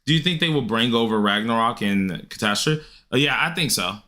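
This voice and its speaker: Bright-voiced man streaming a game. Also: medium pitch, brisk, soft background music. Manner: casual, excitable, grumbles loudly at the game. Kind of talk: live-stream gameplay commentary answering chat.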